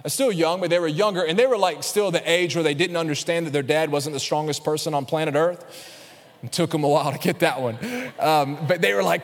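High-voiced preacher in a reverberant hall. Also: male voice, fast. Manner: storytelling, joking, animated with acted-out quotes. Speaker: pastor. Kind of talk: sermon. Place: church sanctuary.

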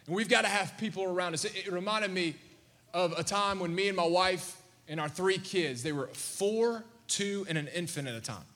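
A man in his thirties preaches a sermon in a large hall, his voice high and bright. He tells stories with animated energy, stumbling into restarts and repeated words. A long reverb trails each line. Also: moderate pace. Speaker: pastor.

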